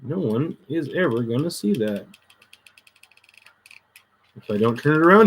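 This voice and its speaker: A man's voice: mid-range voice, animated, moderate pace, long pauses, breathy edge. A man chatting casually on a crafting livestream, muttering to himself as he works, with dry sarcastic asides.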